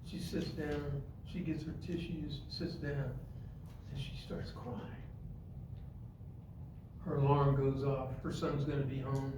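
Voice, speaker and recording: A male preacher giving a sermon, dropping to quiet asides and rising to loud, emphatic points as he directs the congregation. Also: mid-range voice, little pitch movement, moderate pace, few pauses. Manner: acts out stories and gives the congregation physical directions. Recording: echoey hall, mic far off, faint room noise.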